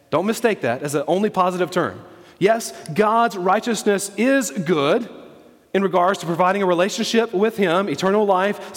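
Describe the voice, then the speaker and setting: A man's voice: high voice, big-room sound. A man preaching a sermon as pastor, emphatic, repeating key phrases and asking the congregation questions.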